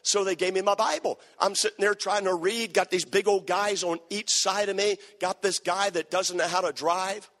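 A man preaching, telling a story with animated bursts of shouting and hushed stretches. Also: sits high, moderate pace, few pauses. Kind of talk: sermon storytelling. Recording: long hall reverb.

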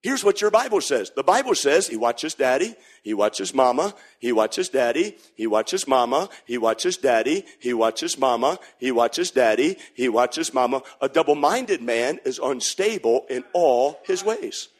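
A man preaching a sermon, shouting in sing-song bursts and then dropping to a hush. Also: mid-range voice, big pitch swings, a little slow, hardly any pauses, slightly rough.

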